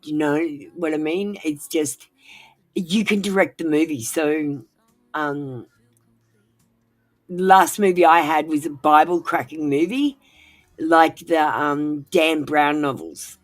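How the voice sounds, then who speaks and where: Unwell woman, low voice, blunt casual livestream chat, faint music bed. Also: slow pace. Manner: frank and blunt, swears freely, many fillers. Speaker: tarot reader on a livestream. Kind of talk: casual livestream advice talk.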